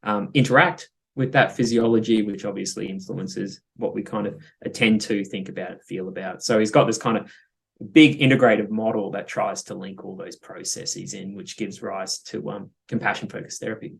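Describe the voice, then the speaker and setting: A man's voice: lowish voice, steady tone, normal speed, gravelly. A man speaking as a guest psychologist in an interview, thoughtful and hesitant, with many fillers and light laughs. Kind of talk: interview conversation.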